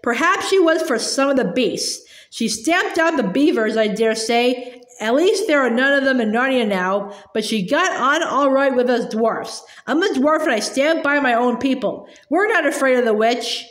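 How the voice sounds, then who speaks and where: A bitter male dwarf who snaps out cold, defiant complaints, voiced by a woman reading aloud. The voice sits high, and the room gives it a roomy ring. It is an audiobook-style storybook reading. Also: animated, moderate pace. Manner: cold, snapping. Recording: roomy echo.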